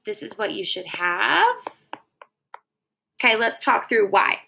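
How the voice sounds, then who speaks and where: A woman's voice: a little high, big pitch swings, slow, creaky, sharp tone, a little hiss or hum, rough recording. A young woman teaching children a phonics dictation lesson, sounding out words syllable by syllable into her phone.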